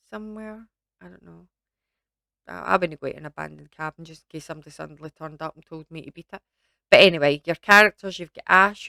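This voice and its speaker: A woman's voice: deep voice, gravelly, a bit bright, smooth, no echo. A Scottish woman giving a casual, rambling film review, full of ums and asides. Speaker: vlogger reviewing films.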